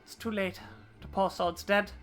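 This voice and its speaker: A woman's voice: mid-range voice, fairly even intonation, normal speed, faint music behind, natural voice. A woman voicing a sly, roguish male thief who talks in old-fashioned rogue slang. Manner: old-fashioned rogue slang, reading game dialogue aloud.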